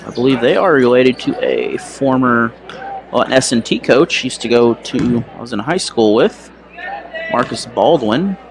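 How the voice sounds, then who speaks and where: A young man giving casual, chatty play-by-play for a high school basketball game, now and then correcting himself. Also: expressive, moderate pace, a crowd in the background. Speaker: play-by-play announcer. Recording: noisy gym recording.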